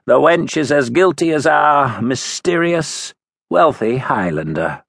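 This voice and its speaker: A male narrator voicing a scornful Highland commander. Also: animated, slow pace, gravelly, a bit bright, dry recording, heavily acted. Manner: scornful, dry.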